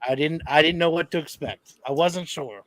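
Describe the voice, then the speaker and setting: A man's voice: fairly high pitch, moderate pace, a bit bright. A man hosting a podcast, chatting in an enthusiastic, rambling way and laughing often. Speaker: podcast host. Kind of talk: casual podcast chat.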